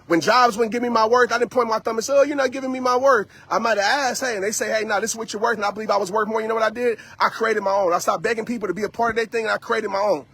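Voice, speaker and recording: Husky high-voiced man preaching accountability. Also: steady tone, racing, few pauses, fairly bright tone. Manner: preachy, repetitive, addresses audience directly. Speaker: motivational speaker. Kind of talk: motivational live-stream talk.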